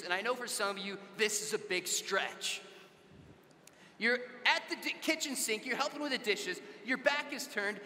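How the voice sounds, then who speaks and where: Speaking to young people at a conference in a big hall, this Southern California man has a high, bright voice with a forceful edge, and a little hiss or hum sits under the recording. His talk is conversational storytelling, with dialogue acted out in the anecdotes.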